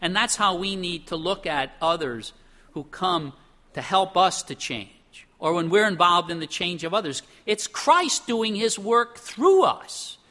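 A man preaching a sermon in an animated way, acting out the voices of the people he quotes. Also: sits high, unhurried.

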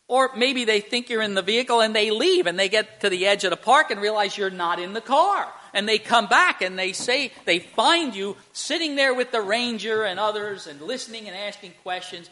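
A male pastor preaching a conversational sermon in church, halting with fillers and restarts and speaking directly to the children. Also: high-pitched, pushed and bright. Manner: addresses children in the congregation directly.

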